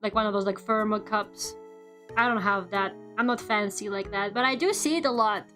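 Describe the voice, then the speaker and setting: A woman's voice: medium pitch, moderate pace, sharp tone, soft background music. A young woman chatting casually as a VTuber while she draws on stream, rambling playfully with lots of "like" and casual swearing.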